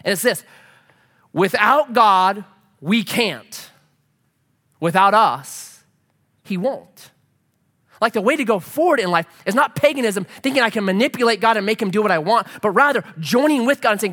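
Animated, bright-voiced male pastor preaching. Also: high-pitched, normal speed, long pauses. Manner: animated, acts out quotes in shifting voices. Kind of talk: sermon. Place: church.

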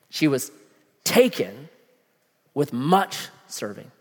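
Animated preacher with a lively voice. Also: male voice, a little high, a little slow, long pauses. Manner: animated, acts out voices of people in the story; casual slang, asks the audience questions. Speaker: pastor. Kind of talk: sermon. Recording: long hall reverb.

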